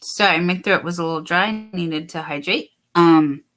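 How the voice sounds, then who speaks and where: A woman's voice: lowish voice, moderate pace, fairly bright tone, faint music behind. A woman hosting a casual late-night crochet livestream, chatting and reading viewer comments aloud.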